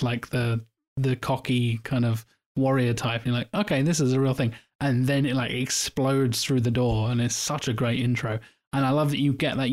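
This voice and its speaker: Excited guy rambling about a movie scene, lots of likes, mid pitch. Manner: enthusiastic, filler-heavy. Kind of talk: casual film discussion.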